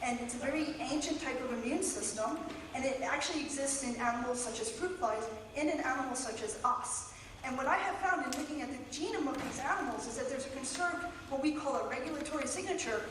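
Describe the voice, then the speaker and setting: A high-pitched woman scientist confronts a speaker, insisting on her point and then explaining her research at length. She is picked up from a distance in a large lecture hall with a long, echoing reverb and faint room ambience. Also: fast talker, noisy background. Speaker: postdoctoral fellow in biology asking a question. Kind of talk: live audience question at a debate. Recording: echoey lecture hall from far off.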